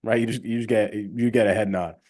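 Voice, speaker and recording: A young man, talking to his livestream viewers in a loose, rambling way. His voice sits a little low, and he leans hard on his points between plenty of fillers. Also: fairly even intonation, a little fast, a little mellow. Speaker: livestream host, real estate wholesaler. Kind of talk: casual livestream chat.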